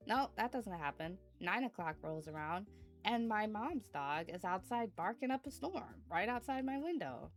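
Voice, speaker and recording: Young woman streamer, sleepy and chatty, unhurried delivery, playful mock fury, faint music bed. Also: medium pitch, lively intonation. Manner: chatty, laughing, storytelling with bursts of mock outrage. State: sleepy, yawning. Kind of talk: casual chat stream. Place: indoors at home.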